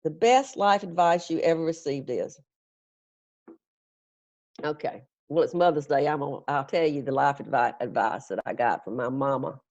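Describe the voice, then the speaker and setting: A middle-aged woman minister works through questions from her congregation in a folksy, chatty way, chuckling often. Her voice is low-pitched and darkish, at a moderate pace with no echo. The stream audio is dull, dry and lo-fi.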